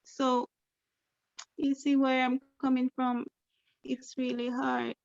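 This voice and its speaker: A woman with a fairly high voice plays a troubled client in a counseling role-play. She talks slowly and repeats herself, circling back to the same filler phrases. The sound is the dull, lo-fi audio of a video call. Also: monotone, gravelly. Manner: repetitive, leans on "you know".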